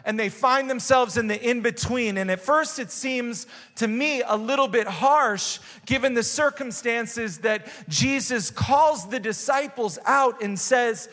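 Pastor, male, higher register, animated storyteller, echoing hall sound. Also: a little slow, few pauses. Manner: animated storytelling with dramatic voiced exclamations. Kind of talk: sermon. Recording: long hall reverb.

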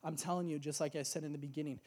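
Dude preaching, fairly high voice, loose and fired up, slangy. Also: male voice, rapid-fire. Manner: lively, casual storytelling with slang and excited exclamations. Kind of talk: sermon.

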